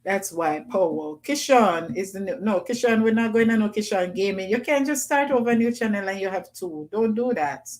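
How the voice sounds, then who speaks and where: Woman, livestream host, casual chat, patois phrasing, mid-pitched voice, close mic. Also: moderate pace, hardly any pauses, rough recording. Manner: chatty, laughs often, Jamaican patois phrasing. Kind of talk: casual livestream chat, reading comments aloud.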